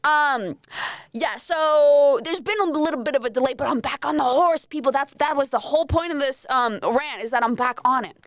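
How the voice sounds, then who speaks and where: A woman's voice: high voice, normal speed, no room sound, clean studio sound. A young Australian woman hosting a podcast, rambling and self-mocking, swearing freely as she chats alone. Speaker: podcast host. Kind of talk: casual solo podcast chat.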